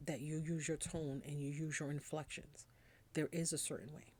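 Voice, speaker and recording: A woman's voice: deep voice, little pitch movement, normal speed, darkish tone, breathy edge. A woman, hosting a podcast as a casual, rambling monologue, blunt and chatty with casual swearing. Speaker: podcast host.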